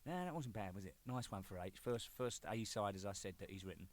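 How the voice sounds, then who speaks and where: A man's voice: fairly low pitch, a little fast, no echo. A man in his thirties telling cheeky, rambling anecdotes as a band drummer, with lots of swearing. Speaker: band drummer presenting a record. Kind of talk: jokey rambling monologue.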